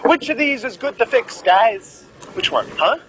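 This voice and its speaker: A man's voice: very high voice, animated, measured pace, fairly bright tone, slight background noise, poor audio. A man giving a live medical lecture, joking and theatrical as he quizzes the class.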